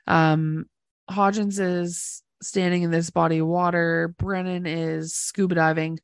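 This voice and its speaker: Woman co-host, easygoing, lowish voice, dry home recording. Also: measured pace, clean tone, dry recording. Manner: relaxed, laughing, conversational retelling. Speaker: podcast co-host. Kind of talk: casual chat recapping a TV episode. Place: home, with her husband on a couch nearby.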